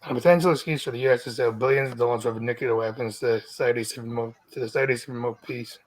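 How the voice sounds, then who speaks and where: A man's voice: mid-range voice, steady tone, fast talker, low-quality recording. A Scottish man reading the news on a live stream in a blunt style, swearing freely. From Scotland. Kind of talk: casual chat.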